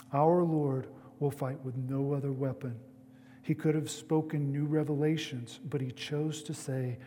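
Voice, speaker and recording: A man preaching a sermon as a pastor, speaking in a measured way with pauses. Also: mid-range voice, dark tone, big-room sound, a little hiss or hum.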